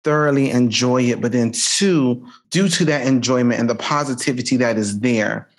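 A man's voice: mid-range voice, normal speed. A man hosting a podcast, chatty and emphatic, mixing French greetings into his English. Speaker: podcast host. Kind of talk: casual podcast chat.

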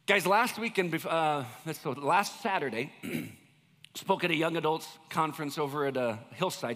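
High, bright-voiced preaching man. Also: in a large hall. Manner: conversational, jokey preaching, swinging between loud bursts and quiet asides. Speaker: pastor. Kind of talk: sermon.

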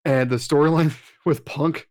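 A man co-hosts a podcast in an easygoing, agreeable manner. His voice sits a little higher than most men's, and he recounts moments with quoted lines as he talks. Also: fairly even intonation, measured pace, darkish tone. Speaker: podcast co-host. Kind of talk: casual wrestling review chat.

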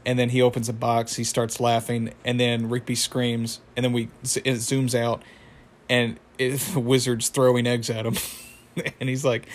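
A man's voice: mid-range voice, monotone, normal speed. A young man casually recapping a cartoon episode, rambling with fillers and laughs.

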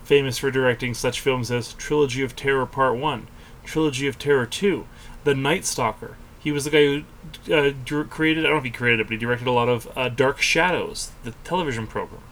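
Hoarse man hosting a podcast. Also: medium pitch, brisk, a bit bright, a little hiss or hum. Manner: joking, playfully defensive. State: hoarse, lingering cold. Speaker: podcast host. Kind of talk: casual chat.

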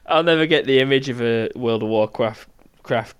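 A man's voice: mid-range voice, normal speed, clear, resonant tone. A man co-hosting a podcast, chiming in with short, dry interjections. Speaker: podcast co-host. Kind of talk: casual chat.

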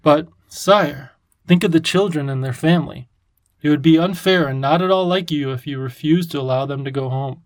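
A kindly, courteous old professor who talks gently and with measured politeness, as a man reads him. His voice is a touch high. The sound is dry and close. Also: no room sound, natural voice. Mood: gentle.

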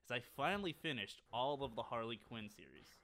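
A man's voice: mid-range voice, expressive, fairly bright tone. Young guy cohosting a chill podcast, rambles a lot, tons of likes and ums, medium voice. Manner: rambling, filler-heavy, quick bursts of laughter. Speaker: podcast co-host. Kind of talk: casual chat.

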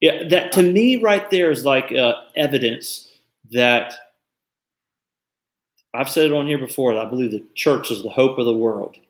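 A man's voice: mid-range voice, animated, normal speed, echoey room. A man in his forties hosting a talk show, speaking earnestly and reflectively in casual commentary. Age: 40s.

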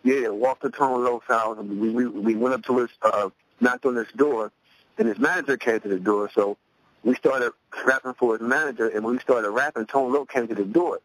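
A middle-aged man from Cleveland, a rapper guest, telling a story casually, often repeating words as he restarts, and lifting his pitch to act out quoted voices. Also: normal speed, no echo, low-quality recording. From Cleveland, USA. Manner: loose, repeats words while restarting sentences.

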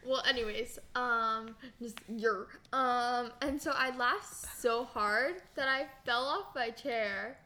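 A teenage American girl co-hosts a chatty podcast, her voice high and bright. She rambles from one story to the next, scattering "like" everywhere and laughing as she goes. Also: takes it slowly, hardly any pauses. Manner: giggly, rambling, lots of "like". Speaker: podcast co-host. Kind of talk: casual chat.

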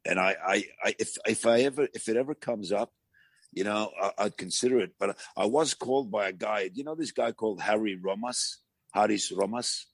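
A man with a gravelly voice, a talk show guest telling rambling anecdotes with many restarts. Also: fairly low pitch, brisk, dry recording. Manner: rambling storyteller with frequent restarts.

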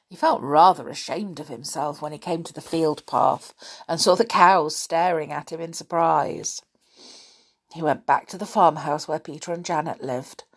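A woman podcast host who recaps the story in a chatty way, with fillers, then reads a children's book aloud. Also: fairly low pitch.

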